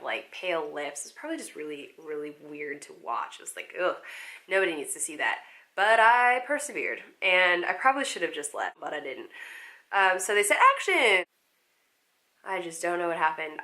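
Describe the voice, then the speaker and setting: Chatty, self-mocking young woman vlogger, bright voice. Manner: chatty, self-mocking, jumps into high playful voices for quotes. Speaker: actress and vlogger. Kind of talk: casual storytelling vlog with acted quotes.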